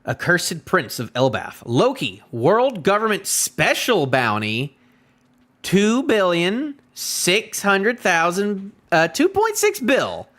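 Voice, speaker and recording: This streamer has a high, slow voice as he reacts casually to a new manga chapter. He rambles in an animated way and often addresses his chat directly.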